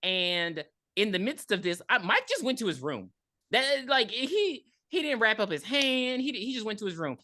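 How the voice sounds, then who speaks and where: Animated woman recapping a movie. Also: fairly high pitch, normal speed, no echo, clean studio sound. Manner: animated, profane storytelling. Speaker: podcast co-host.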